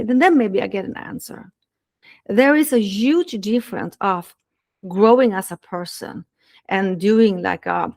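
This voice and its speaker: A woman's voice: mid-range voice, a little mellow. A woman relationship coach delivers a podcast monologue straight to the listener. She is earnest and repeats her key points for weight. Her English grammar is a little non-standard.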